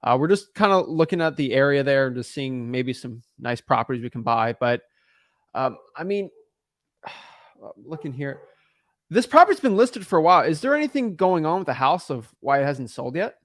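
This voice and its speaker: A real estate wholesaler, very animated and speaking at a moderate pace in a mid-range voice, casually walks viewers through his cold calls and talks with sellers. He rambles and tends to repeat words as a sentence gets going. The sound is dry and clean, studio quality.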